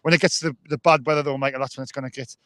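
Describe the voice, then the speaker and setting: A man's voice: medium pitch, fairly even intonation, rapid-fire, pushed and bright, no room sound. A man co-hosting a live football fan show, hesitant, with many ums and restarts. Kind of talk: live fan podcast chat.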